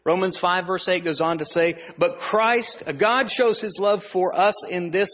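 A male pastor preaching a sermon to his congregation, swinging between loud emphasis and hushed, drawn-out lines. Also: high voice, big-room sound, lo-fi sound. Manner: asks the congregation for responses. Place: church sanctuary.

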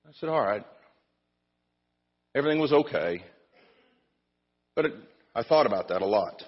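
Husky middle-aged male pastor, self-deprecating storyteller, long church reverb. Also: medium pitch, lively intonation, fairly quick. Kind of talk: sermon. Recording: dull sound in a reverberant hall.

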